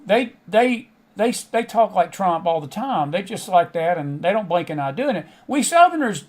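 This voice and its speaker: A man's voice: sits high, very animated, normal speed. A middle-aged man with a Southern American accent, hosting a show and talking in a folksy, chatty way to his audience. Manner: folksy, chatty, frequent laughs and asides. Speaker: host. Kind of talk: casual monologue to a live online audience.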